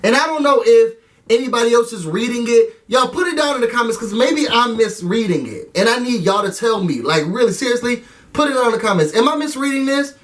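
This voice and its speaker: Man, high voice, casual show recap, animated, addresses viewers, a bit off-mic. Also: far from the mic. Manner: animated, talks straight to viewers. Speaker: TV recap vlogger.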